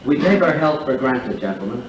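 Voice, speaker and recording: A man's voice: medium pitch, lively intonation, fairly quick. A man with an Irish accent doing a stand-up set, wry and profane. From Ireland. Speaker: stand-up comedian. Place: large function room with an audience. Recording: echoey live room, far mic, noisy crowd.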